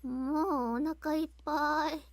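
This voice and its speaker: A woman's voice: high voice, steady tone, normal speed, dry recording, studio quality. An actress voicing a carefree, gluttonous young goddess girl in an anime game, cheerful and teasing.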